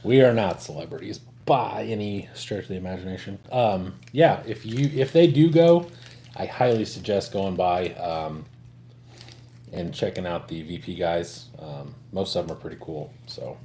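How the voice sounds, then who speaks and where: A man with a deep, mellow voice talks easily about his hobby, relaxed and joking, with the odd curse thrown in. A faint hiss of noise sits behind him, as if he were working at a bench on a home stream. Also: moderate pace. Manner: laid-back, swears casually, joking. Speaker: co-host of a hobby livestream. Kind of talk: casual chat while working on a build.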